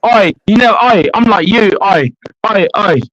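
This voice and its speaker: A man's voice: high-pitched, a little slow, muffled recording, a crowd in the background. Aggressive Irish-born man ranting on a call line. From Ireland. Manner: aggressive, swearing, taunting. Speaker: caller. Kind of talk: heated call-in rant.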